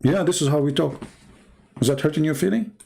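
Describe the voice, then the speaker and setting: A man with a gravelly, slightly high voice delivers a blunt, scornful monologue. He speaks plainly and combatively as the host of his own channel. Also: brisk, warm tone.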